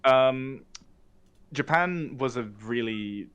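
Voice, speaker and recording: A man's voice: medium pitch, lively intonation, slow pace, a bit bright, muffled recording, a little hiss or hum. A man with a British accent, a guest on a casual podcast. His voice sits in the middle range. He rambles easily with fillers and pokes fun at himself. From United Kingdom. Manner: laid-back, self-mocking, rambling with fillers.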